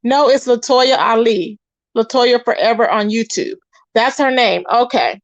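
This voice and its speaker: Host: woman, high voice, gossip commentary, dry close sound, dull audio. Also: a little slow, no room sound. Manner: animated, chatty, reacts to live chat.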